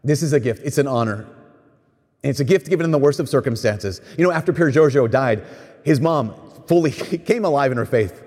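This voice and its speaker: Husky man telling a story in a reverberant hall. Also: mid-range voice, brisk. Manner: animated retelling with quoted voices. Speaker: preacher. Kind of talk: storytelling sermon.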